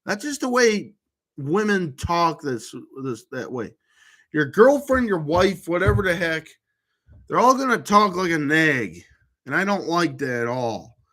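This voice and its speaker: Slow, rambling man with a high-ish voice. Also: expressive, bright, forceful tone. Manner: rambling, with many restarts and trailing-off fillers. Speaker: vlogger. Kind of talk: casual monologue to camera.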